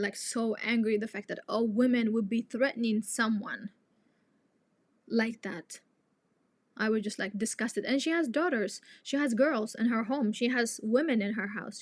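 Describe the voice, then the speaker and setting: A woman's voice: a little high, dry recording. A young woman, a native Tigrinya speaker, hosting a live chat and talking to her viewers in an outspoken, indignant way. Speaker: live stream host.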